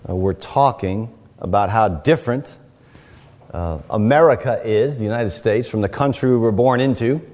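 An older man preaching a sermon as a pastor, emphatic and deliberate, repeating his key phrases. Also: lowish voice, darkish tone, big-room sound.

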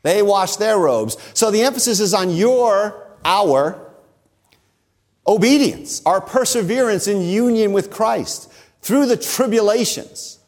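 A man preaching a sermon, who slows down and stresses key phrases. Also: high voice. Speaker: pastor.

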